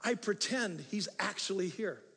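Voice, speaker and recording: An older man preaching a sermon as pastor, animated, moving from hushed asides to loud emphatic passages. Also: sits high, normal speed, husky. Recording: reverberant hall.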